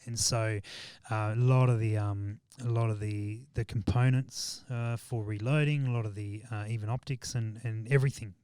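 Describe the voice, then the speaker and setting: Male guest, mid pitch, rambling, dry close sound. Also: steady tone, normal speed, few pauses, a little mellow, clean tone, no room sound. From Australia. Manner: rambling, many restarts. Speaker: shooting business owner, guest. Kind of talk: casual podcast chat.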